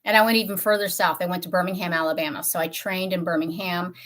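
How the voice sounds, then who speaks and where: A woman's voice: lowish voice, steady tone, quick pace, a bit bright. A woman in her fifties who grew up in Tennessee, hosting a casual beauty livestream and chatting in a rambling way, often correcting herself mid-sentence. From Tennessee, USA. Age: 50s. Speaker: beauty channel host.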